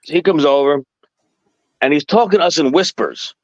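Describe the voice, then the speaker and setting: A middle-aged man with a somewhat high voice tells stories in an easy, chatty way, jumping into loud impressions of the people he quotes. The sound is dull and lo-fi, close and dry like a livestream call. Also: moderate pace, no room sound. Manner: animated, acts out quotes in a raised voice. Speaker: podcast guest telling stories. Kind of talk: casual storytelling chat. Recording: dull dry lo-fi stream audio.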